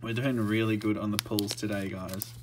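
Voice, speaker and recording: A man's voice: on the low side, flat delivery, normal speed, background noise. A man giving casual, murmured commentary as he opens trading card packs. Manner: murmured running commentary that bursts into shouting and laughter. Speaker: card-opening vlogger.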